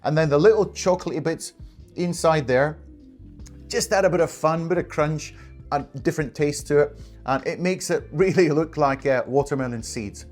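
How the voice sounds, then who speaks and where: A man's voice: a little high, moderate pace, faint music behind. A man hosting a casual food taste-test video, talking in an enthusiastic, chatty way with frequent laughs. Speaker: food vlogger.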